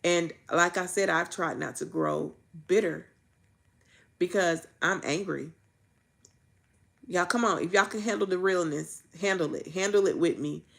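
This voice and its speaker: Gravelly, raw-spoken woman vlogger. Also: on the low side, a little slow. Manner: raw, emphatic, preachy, repeats phrases. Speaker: faith vlogger. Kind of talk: candid faith vlog.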